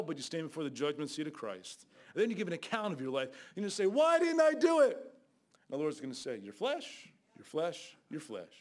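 An older man preaching a fiery Bible sermon as a guest preacher, scolding loudly and then dropping to low asides. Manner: loud, scolding, shifts between shouting and low asides.

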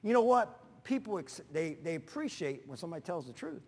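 A man pastor preaching in a folksy, animated way, telling personal stories with sudden loud bursts. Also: sits high, brisk, gravelly, breathy edge, long reverb tail.

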